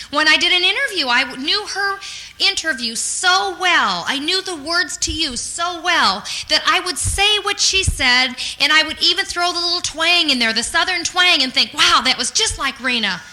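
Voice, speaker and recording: A woman leads a motivational sales training talk, earnest and upbeat as she encourages her listeners. Her voice sits high, with a piercing, sharp brightness. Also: low-quality recording.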